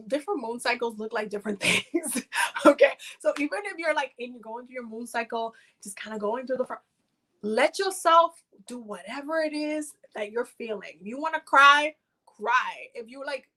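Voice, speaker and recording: A young woman with a bright, sharp edge to her slightly high voice, reading oracle cards on a livestream. She talks in a loose, rambling way, packed with "like," and calls her viewers by pet names. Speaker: oracle card reader. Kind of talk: casual livestream card reading.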